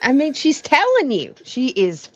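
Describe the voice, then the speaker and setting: Female co-host, Southern drawl, brash and profane, a touch high-pitched. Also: huge pitch swings, a little slow, dry recording, highs cut off. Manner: blunt, profane, fired-up. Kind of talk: casual political chat.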